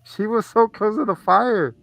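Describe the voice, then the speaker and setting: A man's voice: sits high, a little slow, gravelly, no room sound. A man co-hosting a movie review show, retelling the plot in casual chat with lots of swearing and acted-out lines. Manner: animated retelling full of swearing, acts out the characters.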